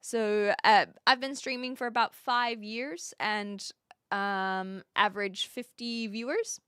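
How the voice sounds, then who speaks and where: Young adult woman, New Zealand accent, casual streamer chat, crisp and clear voice. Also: fairly high pitch, steady tone, bright, forceful tone, no room sound, studio quality. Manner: chatty, reads chat aloud, frequent fillers and quick laughs.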